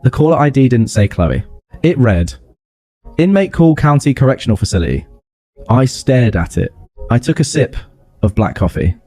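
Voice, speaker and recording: A man narrating a first-person story in a flat, calm, matter-of-fact way. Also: medium pitch, normal speed.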